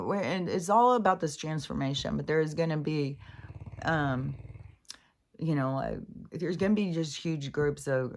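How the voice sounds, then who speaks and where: A woman rambling casually in a spiritual vlog, swearing freely and getting animated as she retells a scene. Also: sits low. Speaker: spiritual vlogger. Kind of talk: rambling monologue.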